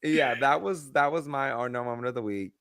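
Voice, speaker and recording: A man hosting a podcast, telling stories in lively casual chat full of fillers. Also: medium pitch, brisk, a loud crowd. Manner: animated storyteller, many filler likes. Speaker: podcast host.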